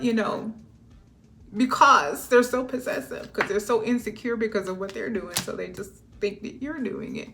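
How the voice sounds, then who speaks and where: A woman giving a casual tarot reading, talking animatedly with laughing asides and swinging between low mutters and loud exclamations. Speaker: tarot reader. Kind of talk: casual spiritual reading monologue.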